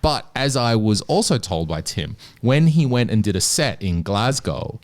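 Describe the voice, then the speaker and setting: A man's voice: on the low side, normal speed. A man hosting a comedy podcast, telling an anecdote in casual chat. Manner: animated storytelling. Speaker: podcast host.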